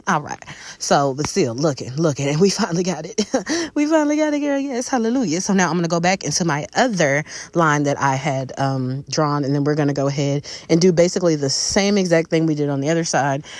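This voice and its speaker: Woman, low voice, dry close sound, chatty makeup tutorial voice-over. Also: no echo. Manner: chatty, calls the viewer baby and y'all. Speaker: makeup creator.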